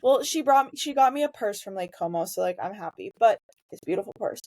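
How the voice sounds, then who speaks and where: A woman's voice: medium pitch, animated, fast, a little mellow, no echo. A young woman in her twenties co-hosting a sports podcast, telling stories in a chatty way. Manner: chatty storyteller, acts out quotes. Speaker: podcast co-host. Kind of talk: casual sports chat.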